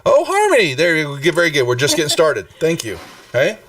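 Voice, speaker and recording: A man's voice: fairly high pitch, wildly swooping pitch, a little fast, a bit bright, recorded from a distance. A man running a tabletop game on a live stream, rambling with many fillers and restarts. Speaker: game master.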